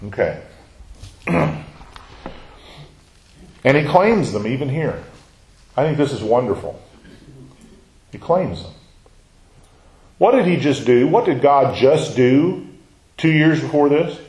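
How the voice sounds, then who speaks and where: A man's voice: mid-range voice, animated, slow, long pauses, a little mellow, echoey room, rough recording. A man preaching a sermon, teaching and asking his listeners questions, acting out quoted lines and sometimes dropping to a near whisper.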